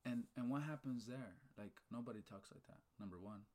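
A man's voice: mid-range voice, a little fast, a little hiss or hum. Fired-up man telling a story. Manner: animated storyteller, fired up, repeats "right?" and "okay?"; swears casually, speaks of God and faith. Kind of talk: casual chat.

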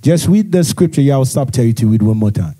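A man's voice: medium pitch, animated, fairly quick, mellow, no echo. A man speaking heatedly in a bible study, repeating "you understand" to press his points.

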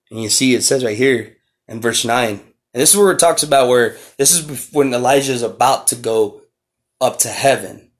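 A man preaching a podcast sermon, reading scripture slowly and with emphasis, then explaining it in a casual, repetitive way. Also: mid-range voice. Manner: repeats and restarts phrases, swells loud on key words.

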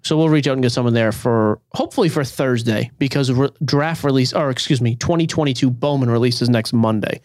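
A man's voice: mid-range voice, brisk, hardly any pauses, darkish tone, no room sound. A man co-hosting a podcast in casual chat, dry and teasing, speaking blunt opinions. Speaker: podcast co-host.

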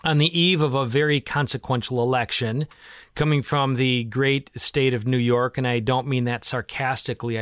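A man's voice: mid-range voice, fairly bright tone, clear, resonant tone, no echo, clean studio sound. A man hosting a podcast interview, earnest and long-winded, framing ideas in religious terms. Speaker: host.

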